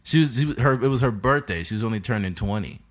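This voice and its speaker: A man's voice: on the low side, lively intonation, fast. A man, hosting a podcast and telling a crude story in casual chat, laughing often. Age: 30s. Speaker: podcast host.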